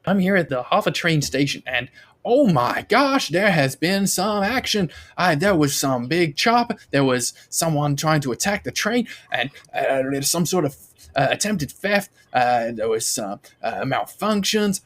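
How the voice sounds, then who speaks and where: Man playing a gushing on-the-scene reporter, drawn-out rambling words, pitched up, tabletop game. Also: very animated, fairly bright tone. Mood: flustered. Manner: breathless, rambling, full of ums. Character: flustered, excitable social media news reporter.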